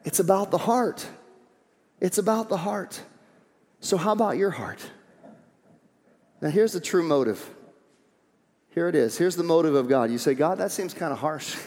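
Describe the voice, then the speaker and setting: A man's voice: on the high side, measured pace, pauses often, darkish tone. A man preaching a sermon as pastor, emphatic, repeating key phrases and coaxing the congregation along. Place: church sanctuary. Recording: long hall reverb.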